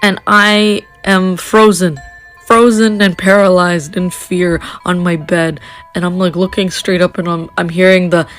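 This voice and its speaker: Young woman, lowish voice, rambling ghost-story telling, faint music underneath. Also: level tone, measured pace. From Canada. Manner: rambling, lots of fillers and restarts. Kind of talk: casual storytelling.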